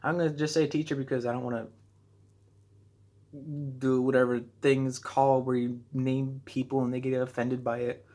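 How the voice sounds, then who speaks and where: A man's voice: little pitch movement, moderate pace, warm tone. A teenage boy from the United States telling a travel story in a casual vlog. He rambles, fills his talk with "like" and pokes fun at himself. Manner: rambling, self-deprecating, heavy use of "like"; acts out his own reactions in a higher voice. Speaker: vlogger.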